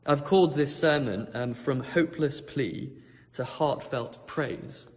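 A pastor preaching a sermon, telling a story vividly, swinging from hushed tones to loud ones. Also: male voice, medium pitch, slow, in a large hall.

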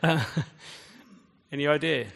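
A man's voice: a little high, unhurried, vocal fry, fairly bright tone. A man preaching a sermon in a conversational way, quizzing the audience. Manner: conversational, engages the audience with quiz questions. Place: church. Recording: reverberant church hall.

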